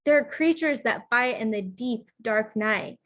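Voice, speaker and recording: A woman's voice: on the high side, unhurried, highs cut off, lightly acted. A woman voicing a fussy skeleton monster in a storybook, scolding a child to bed.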